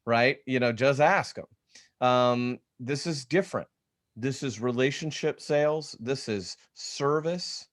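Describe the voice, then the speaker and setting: A medium-pitched man with a drawl teaches an online webinar for real estate agents, speaking slowly but energetically. He's loose and conversational, often restarting thoughts partway through, and the audio feels like a video call.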